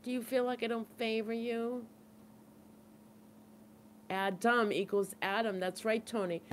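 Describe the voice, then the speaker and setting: A middle-aged woman with a Boston accent hosts a livestream support group, chatting casually as she reads viewer comments aloud and answers them. Her voice sits fairly high, with a steady, unhurried tone that comes across earnest and reassuring. A faint hiss runs in the background.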